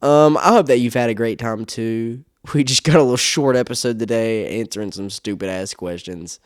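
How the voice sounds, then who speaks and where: A man's voice: mid-range voice, moderate pace, no echo, clean studio sound. A man hosting a solo podcast, talking casually, often laughing and swearing as he rambles. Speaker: podcast host.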